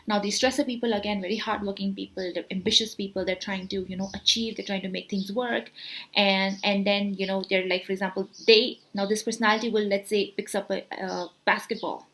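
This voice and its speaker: A woman talking casually to camera as a motivational speaker, explaining with her hands, often repeating herself, filling pauses and asking herself questions. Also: mid-range voice. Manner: explains with hand gestures, repeats words, many fillers; animated rhetorical questions.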